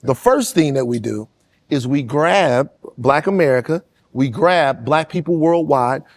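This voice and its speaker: A man with a fairly high voice talks on a podcast panel. He speaks with passion and tells stories, driving his points home by repeating them. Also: expressive, unhurried. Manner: passionate, storytelling, emphatic repetition. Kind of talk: casual panel discussion.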